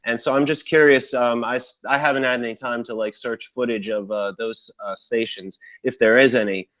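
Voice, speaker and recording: A man's voice: medium pitch, steady tone, normal speed, a bit bright, muffled recording. A male guest on a video call who speaks hesitantly, with many fillers. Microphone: video call camera.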